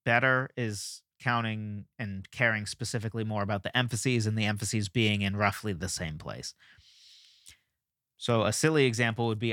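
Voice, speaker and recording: A man's voice: fairly low pitch, lively intonation, moderate pace, fairly bright tone, no room sound. Man, podcast host, casual explainer, self-correcting, dry studio sound. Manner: thinking aloud, frequent restarts and "right?" checks.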